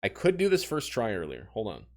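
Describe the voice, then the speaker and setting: Young man, from Missouri, casual livestream chat, lively up-and-down pitch, self-mocking. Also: fairly quick. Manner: animated, self-mocking, talks straight to chat.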